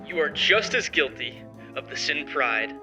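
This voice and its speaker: A man's voice: a little high, animated, unhurried, over music. A young man voicing an arrogant male motivational streamer who speaks in a sarcastic, defiant, confrontational way in an amateur story drama.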